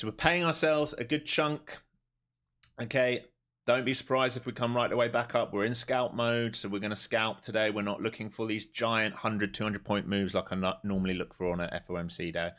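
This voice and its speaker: Male trader-streamer with a lowish voice and a chatty running commentary that goes from quiet muttering to sudden excitement. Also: moderate pace. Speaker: live-streaming day trader. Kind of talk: live trading commentary to viewers.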